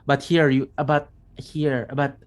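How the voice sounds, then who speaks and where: A man's voice: mid-range voice, level tone, unhurried. A middle-aged man narrating a tabletop game as game master, rambling and restarting his phrases as he describes the scene.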